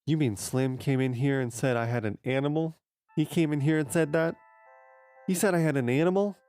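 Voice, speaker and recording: A man's voice: medium pitch, fairly quick, darkish tone, clean tone, faint music behind, voice pushed up, lightly acted. A man voicing Red, a talkative young boy who rambles defensively. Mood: indignant.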